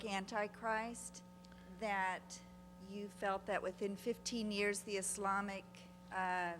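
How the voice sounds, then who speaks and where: A woman's voice: medium pitch, fairly bright tone. Woman asking from the floor of a hall. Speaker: audience member asking a question. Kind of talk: question from the floor. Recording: long hall reverb, faint hum.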